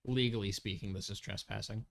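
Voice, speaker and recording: Dude as a chill ex-pro snoop, kinda wary, lowish voice, easygoing tabletop character. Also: male voice, fairly quick, vocal fry. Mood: laid-back. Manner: relaxed, casual, lightly joking. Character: wary male ex-professional snoop, laid-back.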